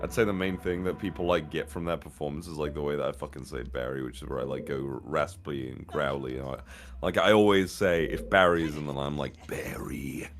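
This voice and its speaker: Deep-voiced British man chatting casually. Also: fast. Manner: relaxed, swears constantly, rambling. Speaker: voice actor, stream guest. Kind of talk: casual chat on a game stream.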